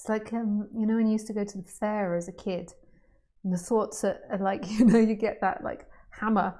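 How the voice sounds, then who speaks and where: A woman teacher speaks to a small group about non-duality. She is playful and jokey, dropping to hushed questions and then breaking into excited outbursts. Her pitch sits in a middle range for a woman. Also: moderate pace. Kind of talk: spiritual talk to a group.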